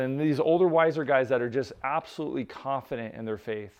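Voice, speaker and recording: A man's voice: mid-range voice, brisk, darkish tone, lo-fi sound. A male pastor preaching a sermon in a conversational way who often checks in with "right?" and drops joking asides. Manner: conversational, tags points with "right?", jokes aside.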